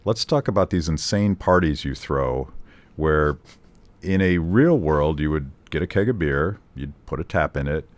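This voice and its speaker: A man's voice: extremely low pitch, lively intonation, moderate pace, no room sound. A man hosting a podcast, asking teasing, wry questions in a casual chat. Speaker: podcast host.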